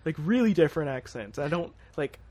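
Young man with a light Kentucky accent, slightly high voice, rambling casual podcast chat. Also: animated, a little fast, darkish tone, no room sound. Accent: light Kentucky Southern. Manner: rambling, many fillers and restarts.

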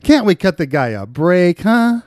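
A man's voice: high-pitched, very animated, a little slow, a little mellow, no room sound, clean studio sound. A man voicing a campy, theatrical male convict who pleads with the others. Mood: pleading.

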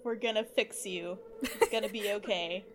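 A woman's voice: mid-range voice, moderate pace, lightly acted. A woman voicing an earnest young woman adventurer, speaking plainly and reassuringly.

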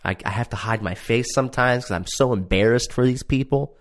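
A man's voice: mid-range voice, brisk. A man casually ranting about a reality show he watched, profane, sarcastic and exasperated. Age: adult. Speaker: show reviewer.

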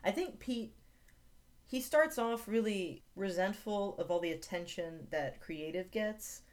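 A woman co-hosting a podcast recaps a TV episode in casual chat, talking chattily with lots of filler words. Her voice is mid-range, a little slow, and a little mellow.

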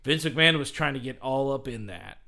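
A man's voice: medium pitch, expressive, fairly quick, creaky, bright, forceful tone. A man casually retelling a story on a podcast, rambling with fillers and acting out quotes. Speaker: podcast host recapping wrestling history. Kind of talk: casual chat.

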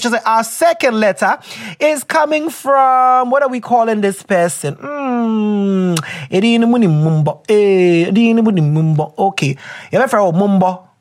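A man's voice: high-pitched, slow pace. A young Ghanaian man with a Ghanaian accent, hosting an advice show and reading listeners' letters in a playful, teasing way. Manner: playful and teasing, with pet names. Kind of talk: casual advice chat.

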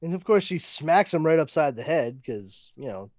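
A man co-hosting a casual podcast, retelling a horror comic in an animated way with quick asides. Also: on the high side, dry recording, clean studio sound. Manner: animated storyteller, quick asides, laughs often. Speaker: podcast co-host. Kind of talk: casual comic book review chat.

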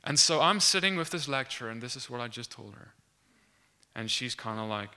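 A young man recounts a faith testimony in a very bright, crisp, clear voice. He tells it earnestly and acts out the dialogue, restarting his sentences as he goes. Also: medium pitch, lively intonation, brisk. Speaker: student sharing a faith testimony. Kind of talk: animated testimony storytelling.

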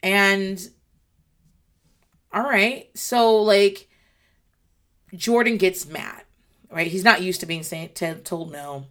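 A mother talking casually about parenting, blunt and animated, with plenty of swearing. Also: medium pitch, slow pace, pauses often.

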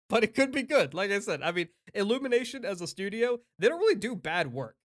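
Guy chatting casually, kinda high voice, opinionated, laughs a lot, swears. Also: very animated, a little fast. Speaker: podcast co-host. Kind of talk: casual chat.

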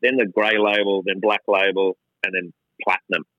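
Irreverent Australian man, bright lo-fi voice. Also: low-pitched, level tone, moderate pace, no echo. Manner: irreverent, self-mocking, frequent restarts. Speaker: gin company co-founder, guest. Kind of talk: casual interview chat. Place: gin distillery lab.

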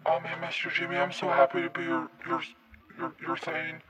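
A man voicing a devoted, overeager male demon servant who gushes and bursts into shouts. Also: a little high, sing-song, normal speed, soft background music. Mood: gushing. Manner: gushing, fawning, bursts into shouts. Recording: muffled phone recording.

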